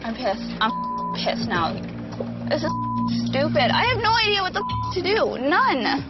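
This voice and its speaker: Young woman, blunt, excitable, high animated voice, lo-fi audio with music. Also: unhurried. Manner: blunt, excitable and easily flustered. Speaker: driving contestant. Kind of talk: unscripted reality TV talk.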